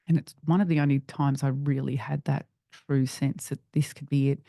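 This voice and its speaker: A middle-aged woman, a podcast guest, telling a personal story in an earnest, halting way with frequent restarts. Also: rumbling low, flat delivery, creaky, warm tone, dry recording, studio quality.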